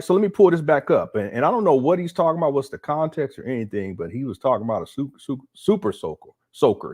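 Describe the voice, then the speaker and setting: A man's voice: mid-range voice, a little mellow, breathy edge. A man hosting a casual live stream, reacting to a clip with incredulous, laughing commentary. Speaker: livestream host.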